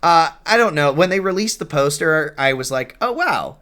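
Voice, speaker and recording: A man's voice: fairly high pitch, expressive, moderate pace, fairly bright tone, smooth. Man, podcast host, rambling, joking, lots of um and like. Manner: rambling, joking, many fillers. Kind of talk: casual gaming podcast chat.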